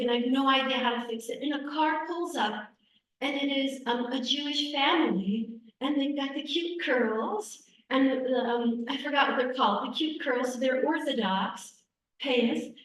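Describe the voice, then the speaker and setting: A middle-aged woman from the United States speaking as an invited speaker, telling a personal story in a lively conversational way and repeating lines for emphasis. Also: high-pitched. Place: church hall. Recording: echoey hall, speaker far from mic.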